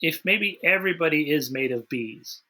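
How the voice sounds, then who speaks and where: Dude walking through a movie plot on a podcast, bright tone, bit high. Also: male voice, animated, normal speed. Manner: plot recap, dry. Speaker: podcast host. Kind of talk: casual chat.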